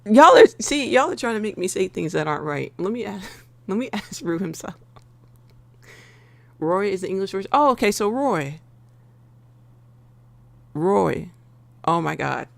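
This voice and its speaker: Gravelly-voiced American woman streamer. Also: medium pitch, sing-song, a little slow, pauses often, dry recording. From United States. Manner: playful, chatty, often laughing, talks straight to the chat. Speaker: live-stream trading host. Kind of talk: casual live-stream chat.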